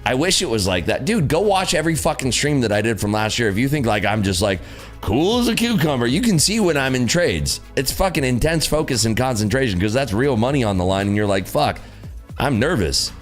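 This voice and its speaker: A man's voice: mid-range voice, brisk, faint music behind. A man hosting a live day-trading stream, talking casually and bluntly with lots of swearing and laughter. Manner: blunt, profane, laughing, animated. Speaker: livestream host, day trader. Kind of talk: casual livestream chat.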